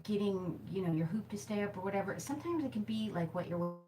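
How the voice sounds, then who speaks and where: A woman's voice: medium pitch, lively intonation, fast talker, music in the background, rough recording. A woman casually teaching hula hoop exercises on camera in a small room, chatty and giggly, with lots of fillers. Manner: chatty, giggly, self-deprecating with many fillers. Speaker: hoop fitness instructor. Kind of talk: casual instructional video. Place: small temporary office space by a back door. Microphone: camera mic, moving around while hooping.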